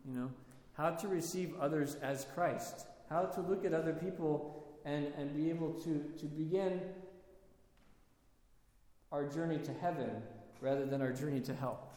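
A man giving a sermon, telling stories in a halting, conversational way with many restarts. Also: fairly high pitch, warm tone. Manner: storytelling, halting with restarts and fillers. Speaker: preacher. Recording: echoey hall with long reverb.

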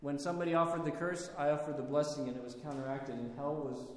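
A man's voice: fairly high pitch, level tone, fast talker. Man preaching in an echoey hall. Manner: storytelling, conversational with rhetorical questions. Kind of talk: sermon.

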